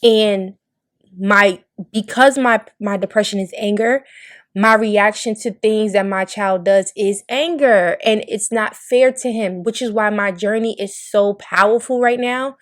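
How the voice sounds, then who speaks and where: A young adult woman hosting a podcast, talking candidly and emotionally with blunt language and frequent swearing. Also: mid-range voice. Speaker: podcast host. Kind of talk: candid monologue.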